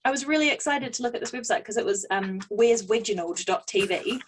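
A woman's voice: fairly high pitch, fairly quick, slight background noise, low-quality recording. A woman co-hosting a casual podcast, telling a story in a playful, giggly way. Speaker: podcast co-host. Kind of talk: casual chat.

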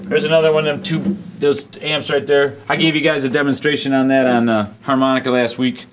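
A man's voice: medium pitch, level tone, brisk, background noise. Joking, rambling store owner man. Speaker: host and music store owner. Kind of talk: casual local TV show chat.

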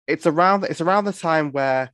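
A man's voice: fairly high pitch, normal speed, fairly bright tone, clear, resonant tone, no echo. Sweary man mocking film characters. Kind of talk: casual film review chat.

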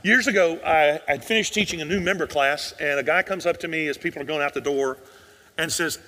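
High bright-voiced man preaching in a hall. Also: quick pace. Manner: preaching with rhetorical questions, dropping to near whisper for emphasis. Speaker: pastor. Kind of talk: sermon.

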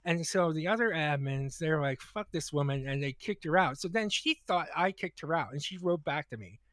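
High, bright-voiced man telling a rant. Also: expressive, moderate pace, dry recording. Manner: profane, storytelling, laughs often. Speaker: podcast co-host. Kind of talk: casual comedic chat.

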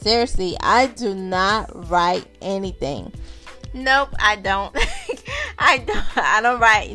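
A woman's voice: medium pitch, a bit bright. Chatty woman podcast host. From Haitian background. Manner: chatty, repeats herself, addresses listeners as y'all. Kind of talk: unscripted casual podcast talk.

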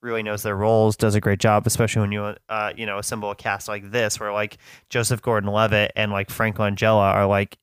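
A man's voice: lowish voice, monotone, brisk, few pauses, fairly bright tone, smooth, dry recording, clean studio sound. A man co-hosting a podcast, chatting casually about a film and rambling with lots of fillers. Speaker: podcast co-host. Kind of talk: casual chat.

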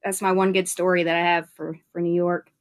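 Speaking fairly quickly in a flat, low-side voice, a Southern US woman who's a nurse chats through an interview. She's upbeat and talkative, telling stories with plenty of fillers.

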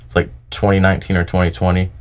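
A young man with a very deep voice, talking with easy calm as a podcast guest. He thinks out loud and often hedges with "probably" and "um.". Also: fast. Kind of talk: casual chat.

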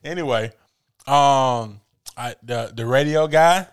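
Animated laughing man chatting casually. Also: medium pitch, slow, clear, resonant tone. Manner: animated, laughing, slangy storytelling. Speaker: podcast co-host. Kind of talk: casual chat about sneakers.

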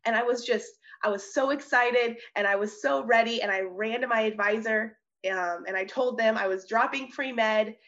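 A woman's voice: on the high side, moderate pace, few pauses. Earnest young woman telling her story. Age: young adult. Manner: earnest and animated, laughs often, many restarts. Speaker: missionary guest. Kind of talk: personal testimony in an interview. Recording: slightly dull audio.

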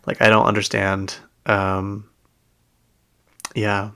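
A man's voice: fairly low pitch, monotone, slow pace, gravelly, fairly bright tone. A man hosting a podcast, chatting casually and rambling with lots of fillers and self-corrections. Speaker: podcast host. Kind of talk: casual chat.

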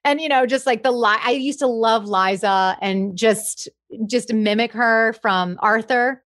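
A young woman, a comedian, chatting in an interview, lively and laughing often. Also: fairly high pitch, takes it slowly, no echo, clean studio sound. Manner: chatty, animated, laughs often, slips into impressions. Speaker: comedian guest. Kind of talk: casual interview chat.

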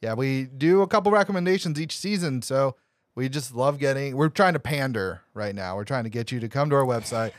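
A man co-hosting a movie podcast, chatting casually with jokes and quick asides. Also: medium pitch, animated, dry recording, studio quality. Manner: joking, upbeat, quick asides. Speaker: podcast co-host. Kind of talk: casual chat.

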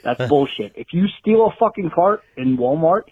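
A man's voice: on the high side, lively intonation, normal speed, a little mellow, breathy edge, highs cut off. Profane man ranting on a phone voicemail. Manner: angry, profane rant. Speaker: voicemail caller.

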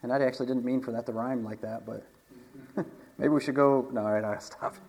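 A man's voice: medium pitch, steady tone, brisk, darkish tone, a little hiss or hum, rough recording. A man preaching in a casual storytelling manner, chatty, with frequent asides, restarts and laughs.

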